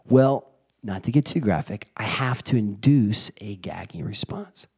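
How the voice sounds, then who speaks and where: A middle-aged man preaching a sermon, telling a story with animated energy and acting out family members. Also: lowish voice, measured pace, gravelly, breathy edge. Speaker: pastor.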